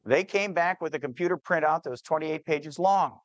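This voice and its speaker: A man telling a true-to-life story to an audience, slowing down on key details and voicing the people in it. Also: on the high side, dry recording, dull audio. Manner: shifts pace, slows on key details, plays the people in the story. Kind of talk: dramatic spoken storytelling.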